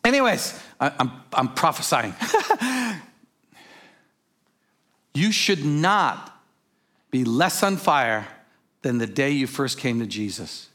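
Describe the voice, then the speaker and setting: A man preaching a sermon as pastor, swinging between hushed, intimate lines and sudden shouted exclamations, with casual storytelling asides. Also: mid-range voice, sing-song, takes it slowly, long pauses.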